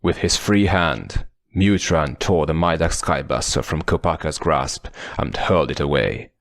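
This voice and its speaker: A man reading an adventure audiobook as narrator, in a measured, dramatic storytelling manner. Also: a bass voice, vocal fry, dry recording, studio quality. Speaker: audiobook reader.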